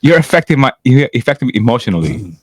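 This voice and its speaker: A man's voice: mid-range voice, fast talker, slight background noise. A man from Chicago co-hosting a podcast, telling stories in casual banter and acting out what people said. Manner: animated storyteller, acts out quotes, laughs a lot. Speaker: podcast co-host.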